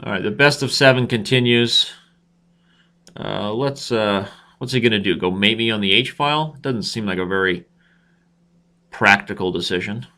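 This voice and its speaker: Man, 30s, live chess commentary, teasing, forceful, lowish pitch. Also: moderate pace, pauses often. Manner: playful trash talk, talks to himself and viewers. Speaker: chess streamer host.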